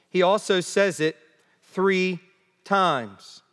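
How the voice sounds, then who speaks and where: A high-voiced man delivers an expository sermon at a slow, deliberate pace. He is emphatic and repeats key phrases for weight. His voice carries a long reverb, as if he is in a large hall. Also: lively intonation, fairly bright tone. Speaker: preacher.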